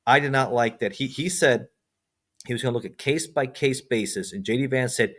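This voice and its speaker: A man speaks in loose, conversational bursts about politics, often stammering and restarting his sentences. His voice sits at an ordinary middle pitch. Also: a little fast, fairly bright tone. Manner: repeats words, stumbles and restarts. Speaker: guest. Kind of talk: casual political chat.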